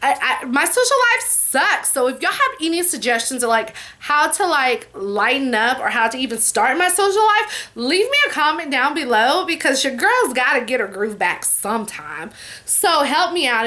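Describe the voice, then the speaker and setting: A woman's voice: sits high, sing-song, normal speed. A woman, chatting casually to camera while answering viewer questions. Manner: chatty, warm-hearted, says "y'all" and "you know" often. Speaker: vlogger.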